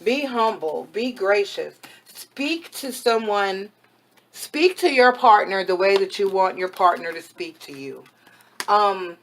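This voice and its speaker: A woman giving a casual tarot reading to camera as a spiritual advisor, frank and chatty, her voice a little worn from overuse. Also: mid-range voice. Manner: frank, chatty, blunt and motherly advice.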